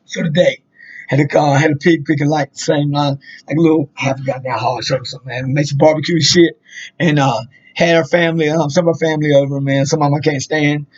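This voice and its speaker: A man's voice: on the high side, steady tone, fairly quick. A man, telling a rambling, profane story in a casual monologue, full of fillers. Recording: dull lo-fi sound.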